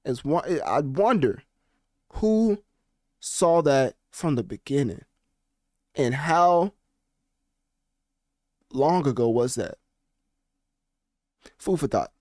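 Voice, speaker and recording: A man hosting a podcast, chatting casually with animated, slangy commentary while looking things up on his screen. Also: mid-range voice, no room sound, studio quality. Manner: animated, conversational, slangy asides. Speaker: podcast host. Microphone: podcast mic, also on video.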